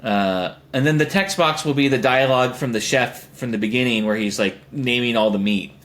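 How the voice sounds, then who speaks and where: A man's voice: medium pitch, fairly quick, a bit bright. A young man co-hosting a podcast, chatting casually and rambling through jokey ideas. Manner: rambling, jokey, puts on silly voices. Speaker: podcast co-host. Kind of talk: casual chat.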